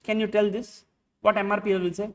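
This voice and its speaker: A man's voice: sits high, level tone, brisk, distant mic. A man with an Indian English accent teaching accounting in a classroom lecture, firing rhetorical questions at his students and acting out little dialogues.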